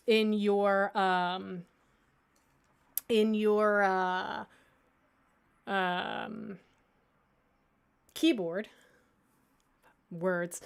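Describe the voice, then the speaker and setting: A woman librarian giving a casual software tutorial, thinking aloud, with lots of fillers and restarts and a playful, self-mocking humor. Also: medium pitch. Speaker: librarian teaching audio editing.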